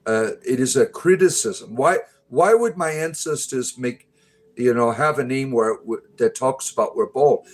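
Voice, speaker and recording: A man's voice: medium pitch, a little slow. A man hosting a livestream, chatting casually and jokingly with viewers in a rambling way with many fillers and restarts. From United States. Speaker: livestream host.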